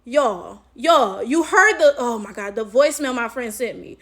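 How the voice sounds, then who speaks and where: High-voiced woman telling a story animatedly. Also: normal speed. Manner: animated, emphatic, swears freely, keeps asking "right?". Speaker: chess coach and vlogger. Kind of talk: casual storytelling to the camera.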